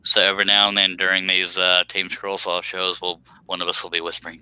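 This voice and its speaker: An easygoing male host with a low, very bright, forceful voice, chatting casually on a live stream. He talks in a self-deprecating way, with plenty of hesitant fillers. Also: monotone, brisk, clear, resonant tone, poor audio. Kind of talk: casual chat.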